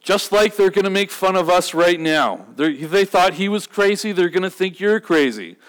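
High-voiced pastor preaching conversationally. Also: male voice, expressive, moderate pace, a bit bright, poor audio. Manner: conversational, humorous, rhetorical questions. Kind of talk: sermon.

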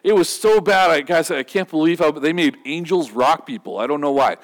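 A man's voice: a little high, lively intonation, a little fast, rough recording. A male pastor preaching a sermon in a conversational, joking way, full of rhetorical questions to the congregation.

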